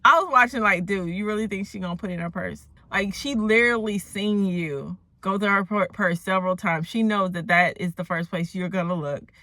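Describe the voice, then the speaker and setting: A woman recapping a movie in a casual, rambling way, telling the story with animated asides and exclamations. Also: mid-range voice, fairly quick, hardly any pauses, dry recording. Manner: animated storyteller who acts out the characters and exclaims at the plot.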